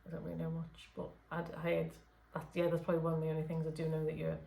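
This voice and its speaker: Hesitant low-voiced woman in an echoey room. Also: completely flat delivery, very fast, vocal fry. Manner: hesitant, many fillers and restarts; talks softly at late night hours. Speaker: spirit medium. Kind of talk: unscripted channelling session talk.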